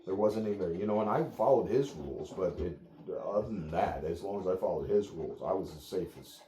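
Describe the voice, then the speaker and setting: A man working as a dog trainer, explaining to clients in a calm, steady, plain-spoken way. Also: sits low, fast, reverberant.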